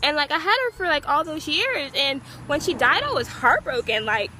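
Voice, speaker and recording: A young woman from the Gulf Coast of Texas, telling a story in a casual vlog. She rambles, fills her talk with "like" and bursts into excited squeals. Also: sits high, normal speed, a little hiss or hum. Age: young adult. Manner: chatty and rambling, heavy use of "like". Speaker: vlogger.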